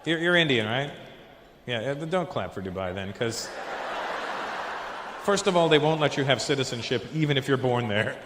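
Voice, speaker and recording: A man's voice: mid-range voice, expressive, normal speed, pauses often, background noise. A man doing a stand-up routine on a handheld mic before a live crowd, chatting with the audience and slipping into silly voices. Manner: chats with the crowd, jumps into silly put-on voices. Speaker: stand-up comedian. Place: large comedy venue with a live audience. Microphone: handheld stage mic. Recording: roomy hall, long reverb.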